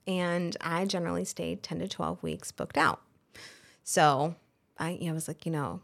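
Her voice is on the low side with vocal fry, fairly even intonation and an unhurried pace. She is a hairstylist and salon owner in her thirties, frankly and chattily recounting her story in a casual podcast interview, reenacting remembered dialogue and saying "like" a lot.

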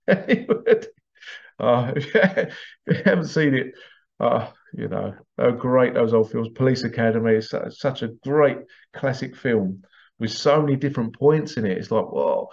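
A man's voice: medium pitch, expressive, normal speed, creaky, a little mellow, muffled recording. A man hosting a podcast in a casual, rambling monologue, digressing often and dropping in playful vocal sound effects. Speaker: podcast host.

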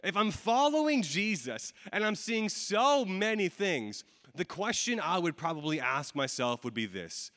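A pastor delivers a sermon in a relaxed, conversational way, often circling back with fillers and repeated phrases. His voice sits a little high for a man. The room rings with a long, lingering reverb. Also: measured pace. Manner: casual, conversational preaching with many fillers. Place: church hall with audience.

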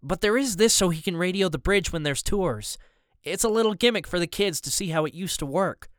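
Brief: male narrator plays a casual young guy, quick and helpful. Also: high-pitched, animated, dry recording, studio quality, voice pushed up. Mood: hurried. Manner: casual and hurried. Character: young male galley worker, helpful and hurried.

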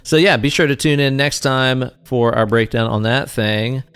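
A man's voice: medium pitch, moderate pace, a bit bright, smooth, no echo, studio quality. A man co-hosting a movie podcast in casual chat, jokey and profane, riffing on bits. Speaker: podcast co-host.

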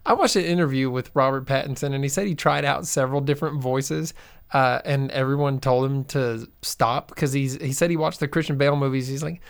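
A man's voice: mid-range voice, a little fast, creaky, smooth, no echo, clean studio sound. A man co-hosting a podcast in casual chat, loosely retelling anecdotes with many fillers. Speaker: podcast co-host.

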